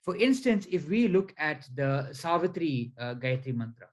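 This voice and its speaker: A man giving a spiritual lecture over slides, explaining slowly and deliberately with frequent fillers. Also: a little high, big pitch swings, rough recording. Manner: counts syllables aloud one by one. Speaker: spiritual teacher.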